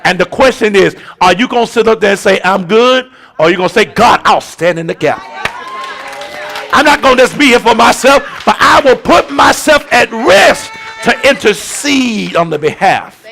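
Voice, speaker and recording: Gravelly, fiery preacher man. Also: sits high, lively intonation, normal speed. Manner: shouting, rhythmic preaching with colloquial asides. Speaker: bishop preaching. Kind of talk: sermon.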